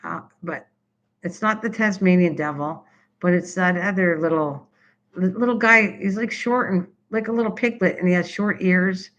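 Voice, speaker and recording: Chatty older woman, bright lo-fi voice. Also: lowish voice, moderate pace. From Canada. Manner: rambling, chatty, answers typed comments. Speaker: craft live-stream host. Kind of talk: casual live-stream chat with viewers.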